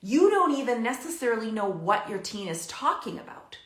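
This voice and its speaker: A woman parenting coach in her thirties giving casual advice to camera, chatty and animated, with frequent fillers and laughs. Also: fairly high pitch, moderate pace. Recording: echoey room.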